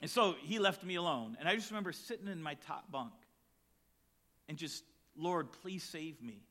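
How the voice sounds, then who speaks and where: A middle-aged male pastor preaching, telling a personal story with lively acted-out voices and then reading scripture aloud. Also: fairly high pitch, fairly quick. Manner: animated storytelling, acts out shouts and voices.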